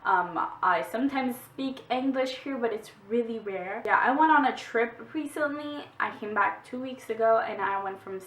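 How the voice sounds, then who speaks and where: Pitched on the high side with a fairly bright tone, a young Québécois woman whose first language is French talks about her books at a moderate pace with few pauses, filling her speech with "like." She's a booktuber doing a casual book haul vlog, recorded at a distance in an echoey room.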